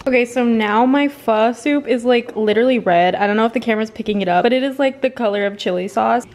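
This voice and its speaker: A woman's voice: a little high, quick pace, soft background music. Chatty young woman vlogging in a car. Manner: chatty, animated retelling with quoted voices. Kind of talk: casual storytime vlog.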